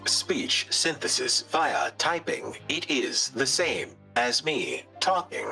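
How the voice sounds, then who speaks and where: A terse bomb expert talks through a robotic synthesized voice, played by a male text-to-speech voice. The phrasing is clipped and slow, and the tone is bright and hard. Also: medium pitch, creaky, soft background music, heavily acted. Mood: flat. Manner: clipped, flat, telegraphic phrasing.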